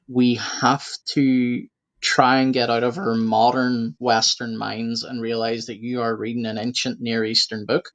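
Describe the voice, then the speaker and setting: A man's voice: mid-range voice, flat delivery, a little slow, fairly bright tone. A man with an Irish accent, co-hosting a casual podcast chat and explaining things earnestly. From Ireland and the UK. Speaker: co-host.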